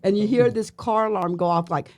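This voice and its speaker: Here the same kind of guest, a middle-aged officer's widow on a podcast, spins a long, animated story full of imitated sounds and voices. She speaks at medium pitch, a bit fast, in clean studio audio with no room sound.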